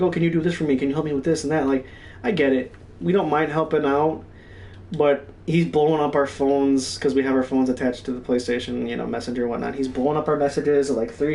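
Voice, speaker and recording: A man's voice: medium pitch, recorded from a distance, a little hiss or hum. Profane young man telling gaming stories. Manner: profane, animated, reenacts his own yelling. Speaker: stream co-host. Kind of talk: casual storytelling.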